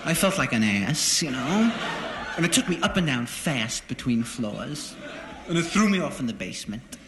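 Deadpan man telling a stand-up story. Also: medium pitch, moderate pace. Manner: deadpan, self-deprecating storytelling. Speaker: stand-up comedian. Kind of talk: stand-up monologue. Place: live venue with an audience. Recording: roomy live recording with noise. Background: audience laughter.

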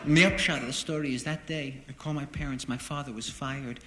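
A man doing a stand-up monologue in front of an audience, telling deadpan, self-deprecating stories. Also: medium pitch, fairly quick. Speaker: stand-up comedian. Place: live venue with an audience. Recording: roomy live recording with noise. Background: audience laughter.

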